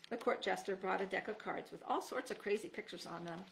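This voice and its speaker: A woman teacher reading a children's book aloud with expressive storytelling. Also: mid-range voice, a little fast, creaky, a little hiss or hum, poor audio.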